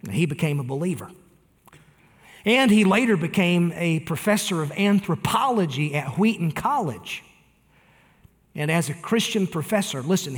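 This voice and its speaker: A man's voice: on the high side, big-room sound. A man preaching a sermon, talking earnestly and appealing directly to his listeners. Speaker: pastor.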